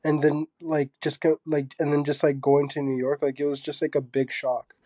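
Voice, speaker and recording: A young Zambian man, appearing as a guest artist, talks casually in an interview, soft-spoken and halting with lots of fillers. His voice sits on the high side with little pitch movement, and there's no echo.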